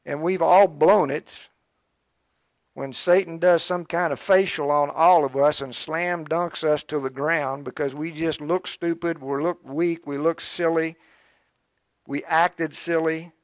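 A male pastor delivering a sermon in a fervent, exhorting way, with a slightly high voice. The sound is dry and close. He speaks straight to his listeners and urges them on. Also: fairly even intonation, measured pace, no echo. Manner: fervent, exhorting, urgent early and quieter and reflective later.

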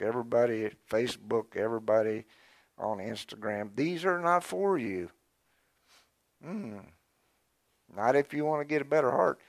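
An older man preaching a sermon in a folksy, animated way, calling on the congregation to answer back. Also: medium pitch, no room sound. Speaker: pastor.

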